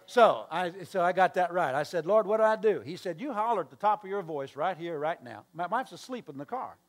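Expressive and fairly quick, this pastor tells a story in his sermon, acting out both speakers in the dialogue. His voice is a bit higher than typical for a man, and he pauses to throw questions and asides to the congregation.

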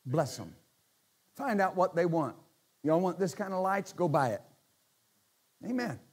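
A man preaching a sermon as pastor, animated and joking, swinging from quiet asides to shouts. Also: sits high, measured pace, slightly rough.

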